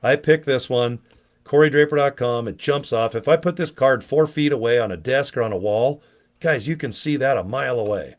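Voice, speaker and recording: A middle-aged man giving a casual, pushy sales pitch to camera outdoors, talking folksy and checking in with "okay?" and "guys". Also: moderate pace. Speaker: online business vlogger. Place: outdoors, windy.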